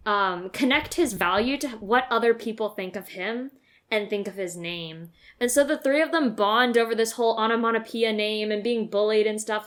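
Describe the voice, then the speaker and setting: Woman podcaster, a bit high, casually rambling through a story pitch with lots of "you know". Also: fairly bright tone.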